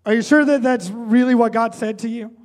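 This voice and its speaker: A man's voice: very high-pitched, fairly even intonation, brisk, big-room sound. A man pastor voicing a sly tempter who needles with doubting questions in a sermon. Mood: needling.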